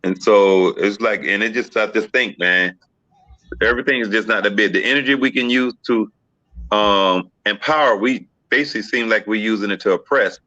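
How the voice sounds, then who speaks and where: Bright-voiced man telling stories animatedly. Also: on the low side, normal speed, no room sound, dull audio. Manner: animated storyteller, acts out quoted voices. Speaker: podcast host. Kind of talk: casual discussion.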